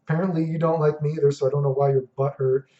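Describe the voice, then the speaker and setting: A man's voice: a little high, little pitch movement, very fast. A man ranting in a vlog, profane, exasperated and sarcastic. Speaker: vlogger. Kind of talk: ranting monologue. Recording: dull lo-fi audio.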